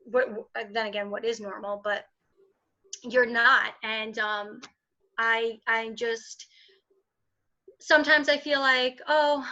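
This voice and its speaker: A woman in her twenties, appearing as a podcast guest, talks candidly in a casual interview, full of fillers and restarts. Her slightly high voice sounds pushed and bright, and the recording has a dull lo-fi quality.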